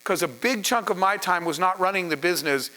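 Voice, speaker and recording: A man, a startup founder, telling stories to an audience in an animated way, laughing and acting out dialogue. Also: sits high, a little fast, rough recording. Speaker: startup founder and panel speaker. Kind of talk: storytelling talk to an audience.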